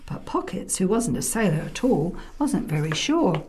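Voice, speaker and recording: A woman storyteller narrating a children's tale, expressive and often dropping to a soft whisper. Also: on the low side, normal speed, a little hiss or hum. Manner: softly whispered in places, expressive.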